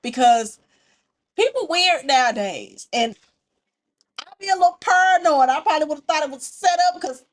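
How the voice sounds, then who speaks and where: Animated high-voiced woman vlogger. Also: normal speed. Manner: animated, talks straight to the audience. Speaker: story-time reaction vlogger. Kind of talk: casual chat to viewers.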